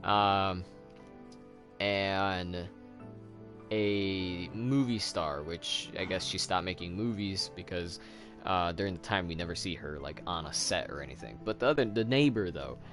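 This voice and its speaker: A man's voice: sits low, a little slow, a bit bright, soft background music. A man hosting a let's play, chatting casually and rambling loosely as he tells a long story. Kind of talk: casual chat while gaming.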